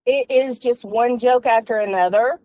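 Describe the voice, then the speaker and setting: A woman author in an interview, telling jokes in an animated way. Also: on the high side, normal speed, no echo, rough recording. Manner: animated joke teller.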